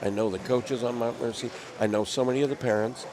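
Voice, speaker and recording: A man's voice: medium pitch, steady tone, fast talker. A man who coaches college bowling, talking earnestly and humbly in casual chat. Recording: noisy background.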